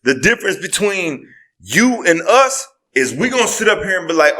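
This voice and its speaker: A man co-hosting a casual podcast, talking heatedly and profanely and breaking into loud outbursts. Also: high voice, sing-song, moderate pace. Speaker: podcast co-host.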